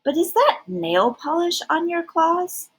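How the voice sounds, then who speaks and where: A woman's voice: very high-pitched, lively intonation, slow, voice pushed up, exaggerated voice. A woman voicing an anxious, picky young child from a storybook, asking earnest questions.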